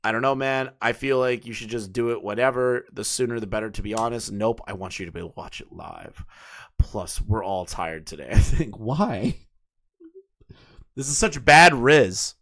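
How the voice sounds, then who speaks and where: A man's voice: mid-range voice, normal speed, fairly bright tone. A man in his late twenties hosting casual commentary, reading messages aloud and mocking them with incredulous, profane asides. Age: late 20s. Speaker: commentary host.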